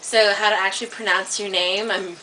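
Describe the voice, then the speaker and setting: A woman with a fairly high, bright voice chats casually to her online friends on a webcam. She hesitates often, filling gaps with ums. A faint household noise sits behind her. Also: moderate pace, poor audio. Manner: chatty, hesitant with frequent ums. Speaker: video blogger.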